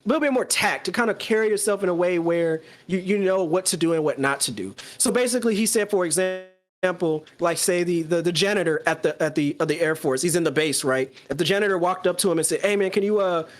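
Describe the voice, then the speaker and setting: A podcast co-host talking casually, excitedly retelling a story and acting out the quoted lines. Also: male voice, high voice, fast talker. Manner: excited, acts out quoted dialogue.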